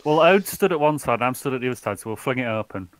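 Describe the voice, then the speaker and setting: A man's voice: medium pitch, animated, fast. A man with an ordinary, mid-range voice plays a tabletop game with friends. He is practical, plans the next move and asks plain questions about how the rules work. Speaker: player. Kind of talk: casual tabletop game chat.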